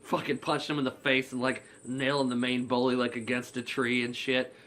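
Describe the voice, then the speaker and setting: A man's voice: mid-range voice, monotone, a little fast, fairly bright tone, a little hiss or hum. A young man casually recapping a film plot in a rambling, profane way, full of "like". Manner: rambling, profane, heavy use of "like". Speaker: movie reviewer.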